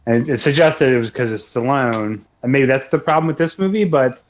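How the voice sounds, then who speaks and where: A man's voice: medium pitch, brisk. A young man co-hosting a podcast, talking casually in a rambling way with many restarts. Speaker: podcast co-host. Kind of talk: casual chat.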